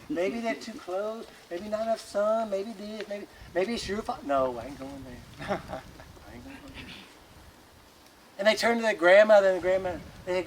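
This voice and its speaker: Male folk storyteller, high-pitched, animated, colloquial. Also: slow, pauses often, a crowd in the background. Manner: animated, folksy, with colloquial asides.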